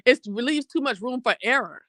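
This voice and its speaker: A chatty live-stream host recaps a reality show, animated and casual, calling the viewers "baby.". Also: mid-range voice, a little fast, no echo. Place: home streaming setup.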